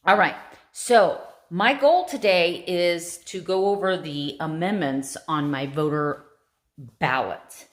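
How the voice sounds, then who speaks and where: A woman's voice: fairly low pitch, slow pace. Chatty, emotional woman vlogger. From United States. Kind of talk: casual chat to camera.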